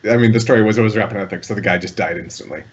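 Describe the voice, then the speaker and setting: A man's voice: fairly low pitch, rapid-fire, dull audio, a little hiss or hum. A man in casual banter as a tabletop game player, self-deprecating and laughing at himself.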